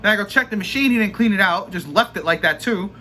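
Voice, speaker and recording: A young man from Brooklyn, New York, with a New York accent rants casually and profanely about his work as a vlogger, speaking in rapid bursts. His voice is high-pitched, expressive, and sharp, with a faint hiss or hum in the background.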